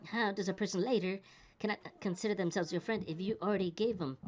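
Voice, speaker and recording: A woman's voice: mid-range voice, quick pace, darkish tone. Reproachful woman speaking in a talk.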